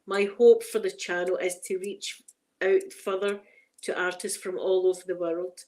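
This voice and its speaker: A woman's voice: lowish voice, little pitch movement, moderate pace, a little mellow. A woman with a Scottish accent, hosting a casual unboxing chat. She is chatty and emotional and stumbles when reading aloud. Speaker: ASMR channel host.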